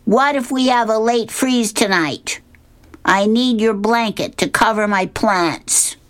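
A woman voicing a bossy young girl, high and demanding. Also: slow pace.

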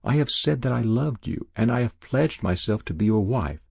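A man's voice: mid-range voice, expressive, normal speed, creaky, darkish tone, husky, no echo. Man reading an earnest devoted young woman. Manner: earnest, tender. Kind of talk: audiobook character voice.

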